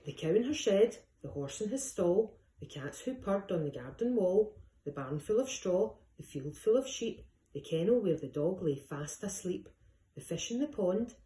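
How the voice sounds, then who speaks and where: A woman, a teacher, reading a rhyming picture book aloud in a lively, sing-song way. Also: medium pitch. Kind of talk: storybook read-aloud. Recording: echoey room.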